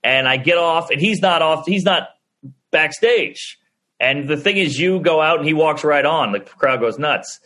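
A man, a stand-up comedian, telling a story on a podcast in an animated way and acting out the people in it. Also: a little high, measured pace. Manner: animated, acts out the people in his stories.

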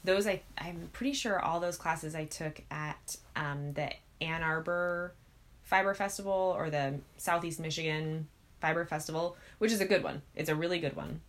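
A woman with a notably low voice for a woman, chatting casually as a podcast co-host. She speaks in a measured way, working through her thoughts aloud with frequent pauses. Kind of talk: casual chat.

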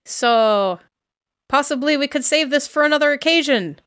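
Woman playing a gruff old aunt. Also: sits high, moderate pace, a bit bright, dry recording, clean studio sound. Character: gruff wary old aunt, clan elder.

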